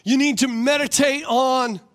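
A man's voice: very high-pitched, fairly even intonation, a little slow. A male pastor preaching a sermon. He repeats his questions and keeps asking the congregation for responses. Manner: rhetorical, calls for congregation responses.

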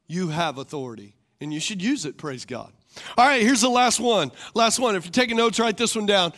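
A man's voice: high-pitched, lively intonation, brisk, a bit bright. A male pastor preaching a sermon. He repeats his questions and keeps asking the congregation for responses. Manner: rhetorical, calls for congregation responses.

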